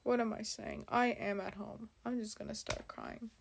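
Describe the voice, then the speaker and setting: A woman's voice: medium pitch, fairly even intonation, normal speed, gravelly, heavy background noise. A woman YouTuber in a storytime vlog, reacting dramatically with exclamations and sudden whispers.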